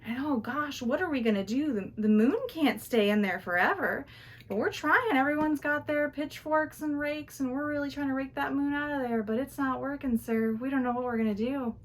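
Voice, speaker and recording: A woman's voice: high-pitched, normal speed, pitched above the performer's own voice, lightly acted. A woman voicing a stressed, weary village worker who sighs and pleads in a told folktale. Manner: sighing, flustered, pleading.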